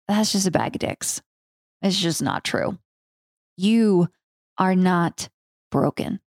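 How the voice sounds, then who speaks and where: Woman host, intimate spoken-word storyteller, slow and deliberate, dry close mic, earnest with casual swearing. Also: mid-range voice, no echo.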